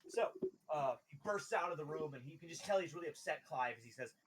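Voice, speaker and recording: A man's voice: on the high side, expressive, fast, heavy background noise. Laid-back male game master. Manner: loose, casual, laughs often. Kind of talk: narrating a tabletop game.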